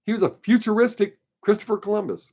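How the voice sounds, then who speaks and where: Rambling, opinionated man with a higher voice. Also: quick pace, a little mellow. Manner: rambling, opinionated, laughs often. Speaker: live stream host. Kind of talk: casual chat answering viewer comments.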